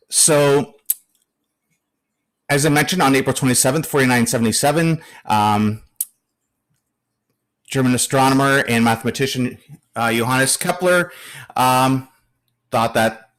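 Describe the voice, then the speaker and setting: At an astronomy club meeting, a man presents by reading through notes, hesitant and full of fillers, with a few dry joking asides. His mid-range voice is a bit bright.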